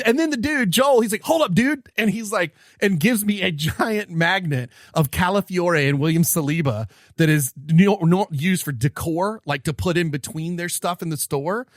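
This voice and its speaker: Excited man, dry close sound. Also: high voice, normal speed, no room sound. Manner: excited, animated telling with many restarts. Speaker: podcast co-host. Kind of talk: casual storytelling chat.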